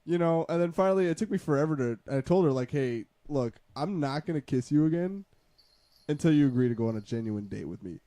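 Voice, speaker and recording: A man's voice: a little high, animated, quick pace, warm tone, no echo. A man in casual chat, rambling through a personal story with many restarts. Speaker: podcast co-host.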